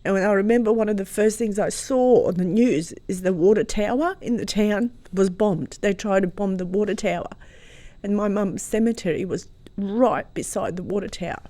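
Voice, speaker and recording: A woman's voice: medium pitch, moderate pace, no echo. A woman tells a family story as a podcast guest. She was born in Croatia and grew up speaking Croatian. She tells it with feeling, often breaking into laughter. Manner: emotional, lively storyteller who laughs often. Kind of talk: casual storytelling interview.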